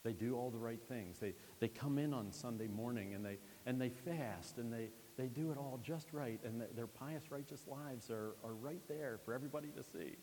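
This pastor speaks at medium pitch and a moderate pace, barely pausing, his tone mellow. His sermon is conversational and peppered with "all right?" to check on the congregation. Recorded in a church sanctuary, with long hall reverb and a faint hiss.

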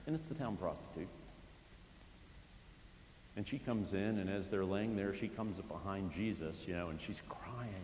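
A man's voice: lowish voice, darkish tone. A man, a pastor, preaching a sermon in a casual storytelling way, often adding asides as he retells the scene. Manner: conversational storytelling with frequent asides. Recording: echoey hall with faint hiss.

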